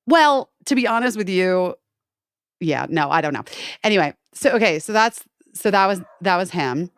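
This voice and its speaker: A woman's voice: fairly low pitch, animated, moderate pace, clear, resonant tone, no echo, studio quality. A woman in her forties co-hosting a podcast, chatting casually and animatedly with frequent swearing and quoted voices. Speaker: podcast co-host. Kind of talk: casual chat.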